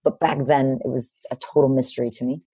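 A woman in her fifties, a personal development teacher, telling a story in conversation with animated, emphatic delivery. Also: rumbling low, fairly quick, breathy edge, no echo. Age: 50s. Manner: animated, emphatic retelling with raised quoted lines.

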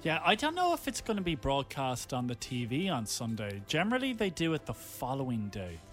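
A man co-hosting a radio show, chatting casually and quick with teasing comebacks. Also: medium pitch, huge pitch swings, soft background music. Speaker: radio co-host.

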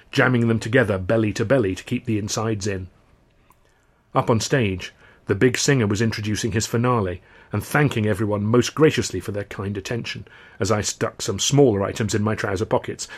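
A man's voice: fairly low pitch, breathy edge. A man reading his own novel aloud in wry, dry first-person narration.

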